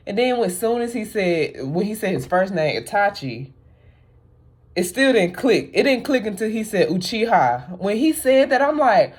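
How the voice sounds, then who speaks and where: A woman vlogger chatting casually about an anime, animated and rambling, with many fillers and laughs. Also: medium pitch, moderate pace, husky. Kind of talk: casual chat.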